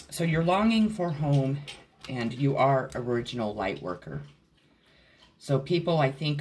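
A man doing a casual tarot reading, talking straight to the viewer in a blunt, loose way. His pitch sits in an ordinary middle range, and he swears freely as he goes. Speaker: tarot reader. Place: at home.

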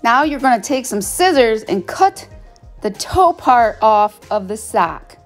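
A woman beauty vlogger telling stories and walking through a hair tutorial in a chatty, animated way. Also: a little high, a little slow, soft background music. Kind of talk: casual storytelling and hair tutorial.

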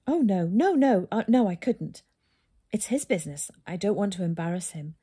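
A woman voicing an excitable, flustered middle-aged male birdwatcher who talks eagerly and breathlessly. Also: mid-range voice, normal speed, breathy edge.

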